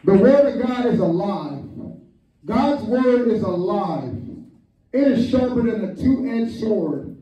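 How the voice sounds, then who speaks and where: An older man preaching a lively sermon as pastor, leading call-and-response and joking with the congregation. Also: high voice, slow pace. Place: church sanctuary. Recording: echoey hall, distant, dull lo-fi.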